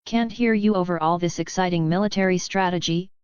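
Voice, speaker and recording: A rowdy young troublemaker mocks everyone around her, as a woman narrator voices her. The voice is low and smooth, with a dull, dry sound. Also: a little fast, no echo, lightly acted. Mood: mocking. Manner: mocking, restless.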